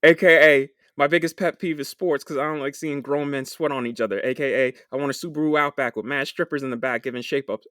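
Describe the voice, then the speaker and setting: A man's voice: fairly high pitch, fairly even intonation, fast talker, few pauses, a bit bright, dry recording, clean studio sound. A man co-hosting a casual film podcast, joking, swearing and laughing a lot. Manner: joking, profane, laughs often. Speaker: podcast co-host.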